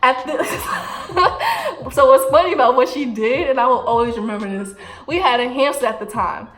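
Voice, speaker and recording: A young woman tells a story in a raised, lively voice full of slang, acting out the other people's lines. Her voice rings in an echoey room while faint music plays underneath. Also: a little high, quick pace. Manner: animated, slangy, acts out quoted voices. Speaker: vlogger. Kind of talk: casual storytime.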